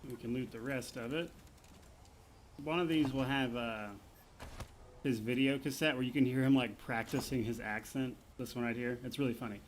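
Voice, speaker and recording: A man streaming a game, talking his viewers through it in a relaxed, unhurried manner. His pitch is plain and middling, and he fills pauses with ums and uhs. He speaks into a desk microphone. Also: slight background noise. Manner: relaxed, explanatory, with many fillers. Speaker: gaming streamer. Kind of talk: casual let's-play commentary.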